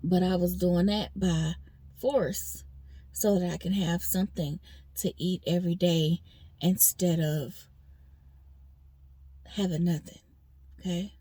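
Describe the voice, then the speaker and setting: A woman's voice: lowish voice, fairly even intonation, slow, pauses often, mellow, husky, no echo. A woman vlogger venting in a rambling personal monologue, talking straight to her viewers.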